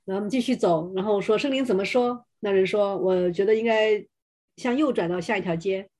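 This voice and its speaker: A woman interpreting a sermon live, phrase by phrase, sometimes hesitant and pausing with fillers. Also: mid-range voice, a little mellow. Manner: hesitant, fills pauses with 'uh'.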